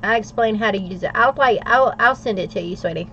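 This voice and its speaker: A woman's voice: mid-range voice, fairly quick, fairly bright tone, a little hiss or hum. Chatty woman hosting a livestream. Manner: chatty and playful, reads viewer comments aloud, laughs often. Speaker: livestream host. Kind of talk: casual livestream chat while journaling. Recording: slightly dull lo-fi audio.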